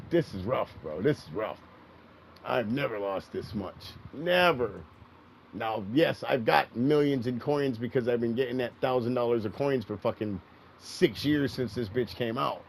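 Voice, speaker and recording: A middle-aged man with a gravelly, creaky voice chats casually while playing a game, swearing freely and circling back over the same points. His voice sits at an ordinary pitch, with a faint hiss of noise behind it. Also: a little slow, low-quality recording. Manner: profane, rambling, repeats himself. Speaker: gaming streamer. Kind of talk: casual storytelling while gaming.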